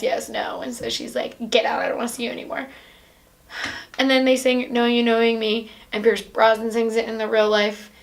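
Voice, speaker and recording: A woman with a bright, high voice recaps a movie in a loose, chatty way. She talks quickly and excitedly, scatters "like" everywhere and keeps slipping into voices to act out quotes. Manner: animated, fast retelling with many "like"s and acted-out quotes. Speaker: podcast host. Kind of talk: casual chat recapping a film.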